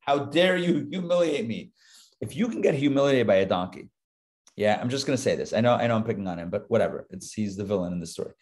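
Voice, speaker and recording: A man's voice: on the low side, animated, fast talker, a little mellow. A male rabbi teaching a live Torah class, talking conversationally and dropping joking asides as he reads the text.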